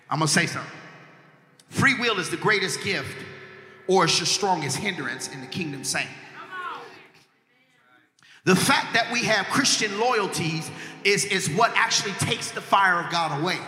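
A man preaching a sermon to a congregation, going from quiet talk to shouted, sung-out lines and calling for responses. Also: sits high. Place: church. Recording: echoey church hall with music behind.

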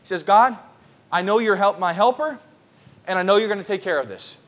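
High-voiced man preaching a sermon. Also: animated, a little fast, a bit bright. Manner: earnest, conversational preaching with emphatic repetition. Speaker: pastor. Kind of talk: Bible-teaching sermon. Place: church prayer service.

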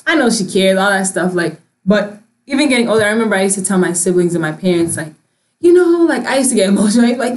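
A woman's voice: mid-range voice, lively intonation, fast. A young woman in a casual group conversation, telling stories animatedly, acting out what her family says and laughing often. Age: young adult. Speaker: discussion participant.

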